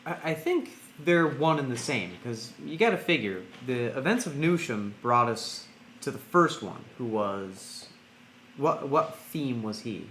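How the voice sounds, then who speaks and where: A man player works through his reasoning out loud. His voice is bright. A faint noise sits behind him. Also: mid-range voice, big pitch swings, measured pace. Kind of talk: casual chat.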